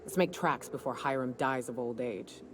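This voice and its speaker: An actress playing a hard-drinking, guilt-ridden woman companion in a video game, speaking bluntly and haltingly. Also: a bass voice, crowd noise. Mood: weary. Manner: blunt, halting, world-weary.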